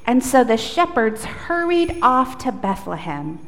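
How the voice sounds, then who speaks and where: High-voiced woman pastor in an echoey church. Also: unhurried. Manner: animated, coaxing storyteller with children. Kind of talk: prayer and children's storytelling. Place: church sanctuary. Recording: echoey church hall, faint noise.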